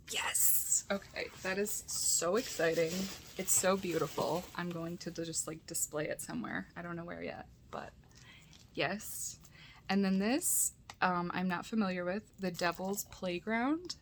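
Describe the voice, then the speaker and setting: A woman's voice: fairly low pitch, a little hiss or hum, poor audio. A woman vlogger chatting casually while unboxing tapes, gushing and giggly, often dropping into a whisper.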